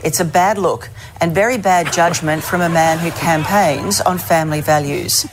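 A woman's voice: on the low side, normal speed, background noise, lightly acted. A woman reading a current affairs news report in a played clip.

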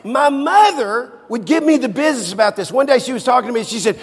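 High-voiced man preaching in a reverberant hall. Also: fast, hardly any pauses. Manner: emotional, swings from soft low asides to high excited exclamations. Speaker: pastor. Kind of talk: sermon storytelling.

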